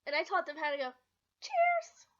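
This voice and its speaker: Really high-pitched young woman rambling and giggling in her bedroom vlog, kinda muffled lo-fi sound. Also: animated, measured pace, sharp tone. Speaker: vlogger. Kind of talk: casual storytelling to camera. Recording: slightly dull lo-fi home recording.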